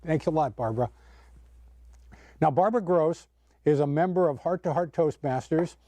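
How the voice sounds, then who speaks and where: A man's voice: fairly high pitch, moderate pace, mellow, no echo. A man hosting a speaking club meeting, introducing and interviewing speakers in an upbeat, encouraging way over a video call. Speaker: meeting host.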